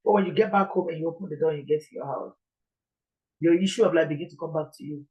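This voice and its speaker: A woman's voice: deep voice, fast talker, lo-fi sound. A Nigerian woman preaching an informal sermon in an earnest, pleading way, repeating her points.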